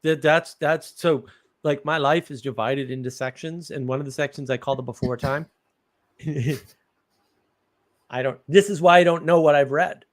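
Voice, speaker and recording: A man's voice: on the high side, normal speed. A man hosting a live stream, rambling through personal stories in casual chat with blunt remarks and casual swearing.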